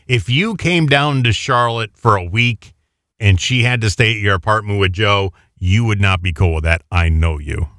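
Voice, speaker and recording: A man's voice: on the low side, moderate pace, a bit bright, no echo, studio quality. A man co-hosting a casual talk show, making his points in an emphatic, insistent way. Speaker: co-host. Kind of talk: casual chat.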